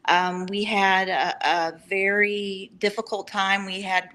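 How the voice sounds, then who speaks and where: A woman's voice: mid-range voice, level tone, slow pace, pushed and bright. A woman from Georgia, an eager podcast guest who halts with fillers. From Savannah, Georgia. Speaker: podcast guest, business owner. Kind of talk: casual interview talk.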